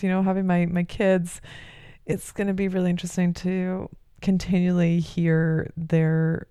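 A woman's voice: lowish voice, little pitch movement, measured pace, mellow, clean tone, no echo, clean studio sound. A middle-aged woman, a mother, talking in a candid, rambling personal monologue full of fillers and restarts.

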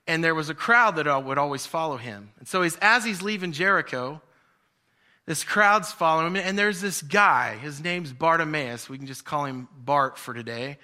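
A man's voice: a little high, expressive, moderate pace, sharp tone. A man preaching a sermon in a conversational, storytelling way, acting out the voices in his stories. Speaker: pastor.

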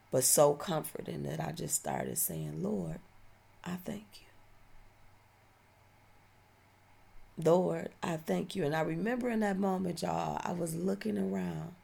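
Woman, 40s; deep, heavily creaky voice; slow, heartfelt testimony. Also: warm tone. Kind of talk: personal testimony.

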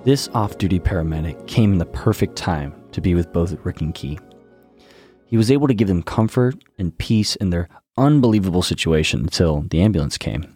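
A man's voice: deep voice, lively intonation, brisk, a little mellow, soft background music. A man narrating a true story in a conversational way, with teasing asides to the listener.

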